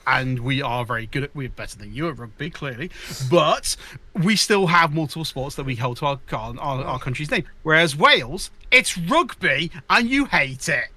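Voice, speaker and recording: Teasing, animated man co-hosting. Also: a little high. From England. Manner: teasing, rambling, quick to jab. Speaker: co-host. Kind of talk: casual live-stream banter.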